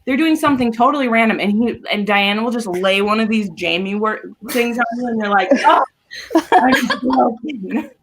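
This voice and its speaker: A woman's voice: a little high, fast talker, hardly any pauses, fairly bright tone. Woman host, live book-chat show, enthusiastic, laughs a lot, speaks from a video call.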